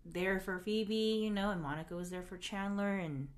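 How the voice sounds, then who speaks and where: A woman's voice: mid-range voice, moderate pace. A woman co-hosting a podcast, recapping a TV episode in casual chat and laughing often as she retells scenes. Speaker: podcast co-host.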